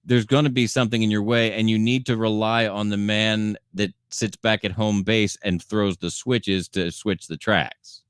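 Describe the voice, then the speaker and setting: Deadpan low-voiced man, dry close sound. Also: moderate pace, hardly any pauses, smooth, dry recording. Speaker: podcast co-host. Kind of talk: casual banter and mock newscaster reads.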